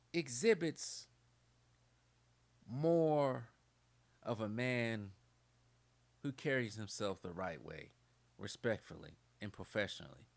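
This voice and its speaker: A man hosting his own channel, giving casual opinion commentary in an animated, ranting way. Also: fairly low pitch, creaky. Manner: animated, ranting, laughs often.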